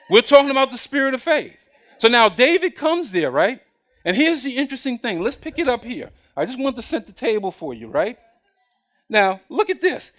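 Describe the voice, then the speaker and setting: A male preacher giving a lively, humorous sermon in church, acting out scenes and calling someone up from the congregation. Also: very high-pitched. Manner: animated, jokey, acts out scenes, calls up a boy from the congregation. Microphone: recorded on camera for broadcast.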